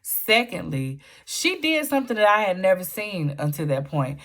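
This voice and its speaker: A woman talking casually on her book vlog, telling stories in lively Southern Black vernacular. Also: mid-range voice, moderate pace. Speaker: book vlogger.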